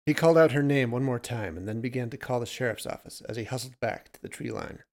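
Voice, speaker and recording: A man reading a short story aloud in a steady, measured way. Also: mid-range voice, creaky. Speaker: narrator.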